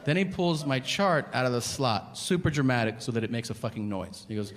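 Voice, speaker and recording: On a comedy stage before a laughing audience, a man does stand-up, telling stories in a profane, animated way at a fairly quick pace. He acts out both sides of each exchange, his voice jumping high for disbelief. A live stage mic picks up audible noise.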